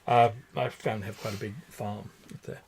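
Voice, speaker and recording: A man in his forties from Australia with a light, posh Australian accent, chatting casually over drinks as host, halting with many restarts. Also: fairly low pitch, steady tone, gravelly, darkish tone, slight background noise. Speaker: vlog host.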